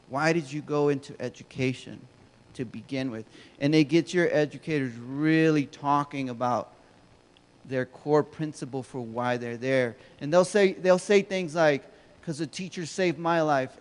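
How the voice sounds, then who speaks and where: Storytelling keynote man in echoing hall. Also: on the high side. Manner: storytelling, conversational, asks the audience questions. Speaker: keynote speaker. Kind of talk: motivational keynote talk. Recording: long hall reverb.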